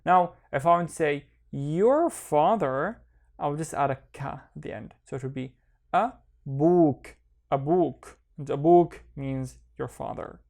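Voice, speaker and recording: A man teaching a reading lesson online, speaking slowly and patiently, and repeating each sound twice so learners can follow. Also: on the high side, creaky, a little mellow. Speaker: Arabic teacher.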